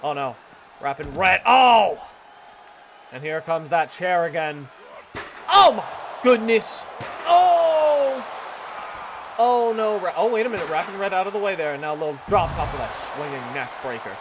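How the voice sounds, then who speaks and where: A man doing casual, profane play-by-play commentary of a wrestling video game, excitable and jokey, often shouting and laughing. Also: fairly high pitch, brisk. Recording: loud crowd and game noise behind. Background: video game arena crowd.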